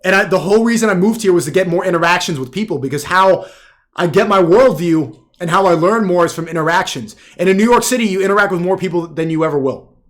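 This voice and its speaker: A man with a fairly high voice rambles through a live stream monologue, leaning hard on filler words. His talk runs loose and unpolished, jumping between thoughts. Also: fast.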